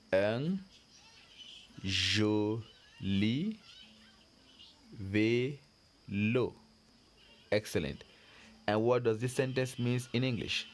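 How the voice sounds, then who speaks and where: A man teaching French pronunciation to learners, repeating words and giving patient encouragement. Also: medium pitch. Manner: drills words slowly with repetitions. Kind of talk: slow pronunciation lesson.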